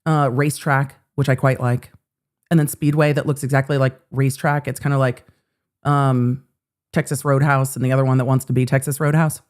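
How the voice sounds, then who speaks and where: A woman's voice: very deep voice, brisk. Chatty woman host riffing with her livestream chat. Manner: chatty, swearing, animated asides to chat. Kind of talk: casual livestream legal commentary.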